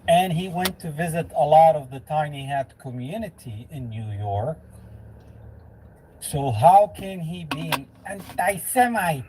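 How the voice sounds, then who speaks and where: Slow, sarcastic man mocking a clip. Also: fairly high pitch, lively intonation, a little mellow, slight background noise, rough recording. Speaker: host reacting to a clip. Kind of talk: sarcastic reaction commentary.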